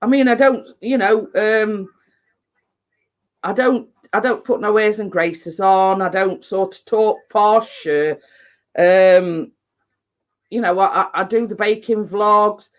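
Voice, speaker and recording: A woman's voice: mid-range voice, takes it slowly. A woman with an English accent chatting on a live stream as a baking vlogger, blunt and rambling, full of fillers and "you know what I mean". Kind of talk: casual live-stream chat.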